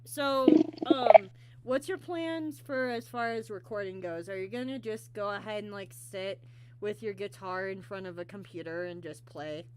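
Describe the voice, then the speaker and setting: A woman hosting a casual online interview, talking haltingly with many ums and restarts. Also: mid-range voice, darkish tone, clear, resonant tone, no echo. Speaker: interview host.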